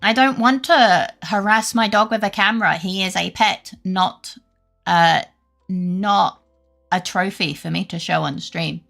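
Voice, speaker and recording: Sweary British woman streamer, gravelly edge. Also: medium pitch, unhurried, fairly bright tone, faint music behind. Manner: rambling, sweary, self-deprecating, laughs often. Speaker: live streamer. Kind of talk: casual chat with live viewers.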